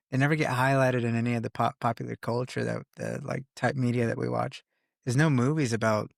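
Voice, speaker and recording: A man's voice: mid-range voice, dry recording, studio quality. A young man hosting a podcast in a casual chat, laid-back and chatty, laughing often. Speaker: podcast host.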